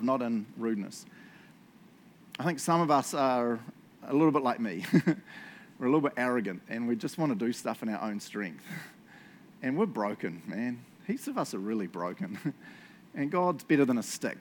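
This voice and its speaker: A man's voice: mid-range voice, expressive, fairly quick, slight background noise. A man preaching a casual sermon, chatty, with frequent laughs and tag questions. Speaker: pastor.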